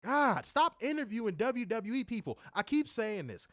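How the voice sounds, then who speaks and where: A man's voice: very high-pitched, very animated, normal speed, dry recording, studio quality. A man hosting a wrestling review, ranting emphatically with frequent swearing and mockery. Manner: emphatic, profane, mocking. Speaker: podcast host reviewing wrestling.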